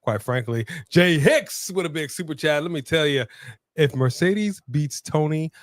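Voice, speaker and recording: A man co-hosting a live wrestling watch-along, chatting casually and breaking into shouts and laughter. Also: on the high side, measured pace, dry recording, clean studio sound. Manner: excitable, bursts into shouts and laughter. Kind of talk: casual live commentary chat.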